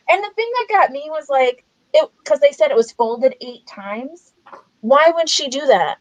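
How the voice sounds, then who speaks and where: A woman hosting a casual book club discussion over a video call, animated and chatty, wandering off on tangents. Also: high-pitched, normal speed, no room sound, rough recording.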